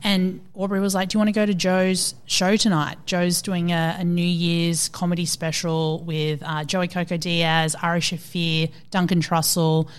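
An Australian woman in her thirties, a fitness coach telling stories in a casual interview, animated and quick to quote people. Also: on the low side, clean tone.

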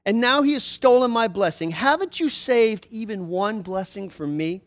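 A man's voice: sits high, expressive, moderate pace, voice pushed up. A man reading the lines of a desperate grown son in a raised, pleading, emphatic voice. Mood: indignant.

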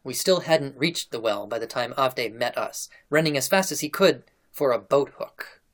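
Man, podcast host, casual storyteller, relaxed and chatty, mid-range pitch. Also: normal speed. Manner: relaxed, chatty, laughs between lines. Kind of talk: casual storytelling, retelling a historical account.

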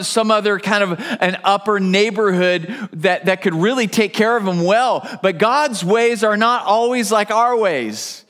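A middle-aged man preaching a sermon as pastor, telling stories in an animated way with frequent restarts. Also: sits high.

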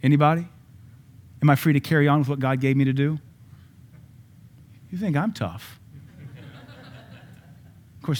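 A man preaching a sermon in a voice of middle pitch. He drops to quiet, quick asides, then builds to loud, high peaks. Scripture comes out slow and stressed. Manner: reads scripture slowly with emphasis. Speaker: pastor.

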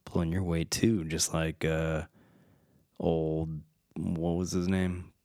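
In a dry, studio-quality recording, a podcast host's low, warm voice comes across flat and slow. He's hosting a casual film retrospective, reading trivia aloud, stumbling over names and chuckling.

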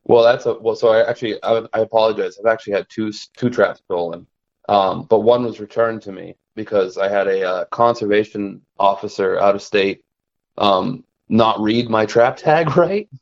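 Rambling, low-voiced trapper guest. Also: male voice, moderate pace, muffled recording. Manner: rambling, self-interrupting, laughs at own stories. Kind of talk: casual storytelling in conversation.

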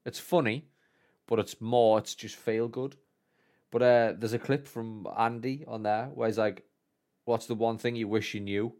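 A man's voice: medium pitch, steady tone, measured pace, darkish tone. A man, co-hosting a podcast in casual, rambling, sweary chat and mocking himself as he goes. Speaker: podcast co-host.

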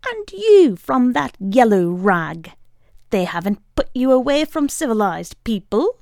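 A woman's voice: a little high, big pitch swings, unhurried, vocal fry, no echo, clean studio sound, voice pushed up, heavily acted. A woman voicing a combative old male leftist who scornfully insults a rival. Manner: loud, scornful.

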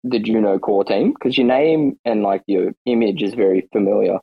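A man's voice: moderate pace, husky, phone-quality sound. Male regular, casual chat at home, playful teasing, cusses freely. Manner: teasing, playful, swears, jumps to high pitch when joking. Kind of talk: casual chat on a live audio space. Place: inside his house.

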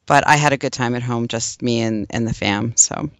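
A woman's voice: a bass voice, normal speed, no room sound, highs cut off. A middle-aged woman co-hosting a podcast, chatting casually with lots of ums and laughs. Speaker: podcast co-host. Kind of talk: casual chat.

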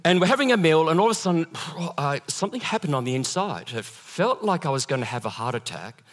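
A middle-aged man preaching a sermon in a lively storytelling manner, acting out the voices he quotes. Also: on the high side, quick pace. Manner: animated, acts out quoted voices. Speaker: pastor.

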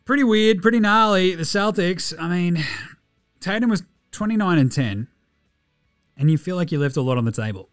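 A man hosts a casual basketball podcast, running fast through stats and swearing freely. His voice sits a touch high, and the recording is dry and close. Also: animated, vocal fry, a bit bright, no echo, faint music behind. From Australia. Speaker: podcast host. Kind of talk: casual sports recap.

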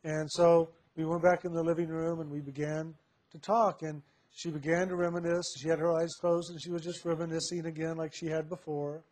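A man's voice: a little high, flat delivery. Reflective man telling a personal story. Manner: reflective, unhurried, with soft laughs.

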